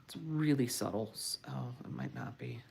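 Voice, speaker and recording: Woman, art livestream tutorial, gravelly fry, casual and encouraging, mutters asides under her breath. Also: rumbling low, wildly swooping pitch, a little mellow, a little hiss or hum. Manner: unhurried, loose and encouraging. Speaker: comic artist streaming a marker demo.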